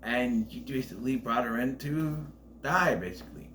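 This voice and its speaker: A man giving a casual spoiler review of a film, retelling scenes in an animated, profane way. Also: mid-range voice, normal speed, a little hiss or hum.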